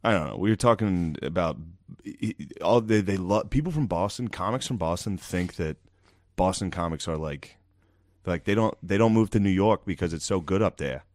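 A man's voice: sits low, normal speed, dry recording. A young man, a stand-up comic, chatting casually on a podcast with dry, teasing remarks. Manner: teasing, dry, deadpan jabs.

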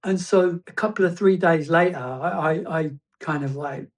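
A man sharing a personal testimony as a guest, reflective and halting, often restarting his phrases. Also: fairly high pitch.

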